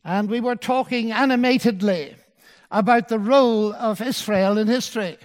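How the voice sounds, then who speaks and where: A man preaching a sermon, measured and dwelling on key words. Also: high voice, in a large hall.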